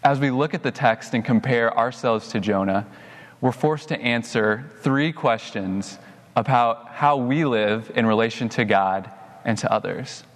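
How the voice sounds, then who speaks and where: A young adult pastor preaches a sermon, telling a personal story and growing animated when he quotes himself. His medium-pitched voice is a little slow, with big-room sound.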